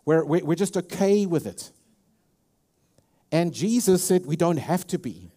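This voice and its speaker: A man's voice: a little high, lively intonation, measured pace, warm tone. South African man preaching a sermon. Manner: repetitive, emphatic, with many restarts. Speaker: pastor.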